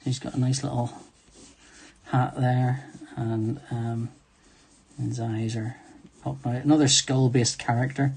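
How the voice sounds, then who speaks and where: A man's voice: mid-range voice, level tone, unhurried, vocal fry, long pauses, darkish tone, slightly rough. A man hosting a live drawing stream, chatting in a rambling, self-deprecating way and reading viewer comments aloud. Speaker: livestream host drawing sketches. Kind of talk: casual chat while drawing.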